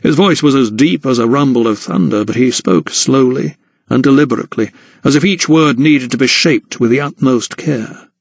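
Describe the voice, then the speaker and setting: A man narrating a historical mystery audiobook in a measured storytelling manner. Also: medium pitch, vocal fry, no echo. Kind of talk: scripted narration.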